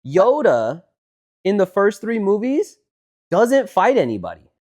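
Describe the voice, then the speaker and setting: Animated, profane male podcast co-host. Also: a little slow. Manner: animated, profane storytelling, swings between loud and low. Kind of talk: casual chat.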